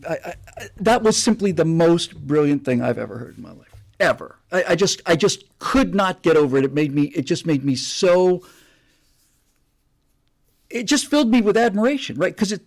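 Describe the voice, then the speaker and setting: A man hosts a live stream and spins a casual story. His voice sits a little high, with a gravelly fry. He talks loosely and with energy, restarting phrases often. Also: moderate pace. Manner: animated raconteur, many restarts.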